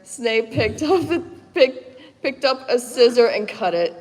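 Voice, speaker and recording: A woman reads a fan story aloud on a convention panel, halting and tripping over the words. She speaks slowly, her voice a little high. The sound carries the long ring of an echoey convention hall. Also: animated. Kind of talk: live comedic dramatic reading. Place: convention panel room before a live audience.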